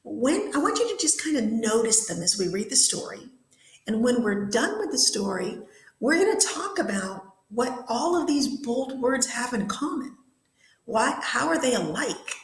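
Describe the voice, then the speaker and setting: A woman teacher giving a classroom vocabulary lesson, saying new words slowly and with careful enunciation. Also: a little high, sing-song. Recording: echoey classroom.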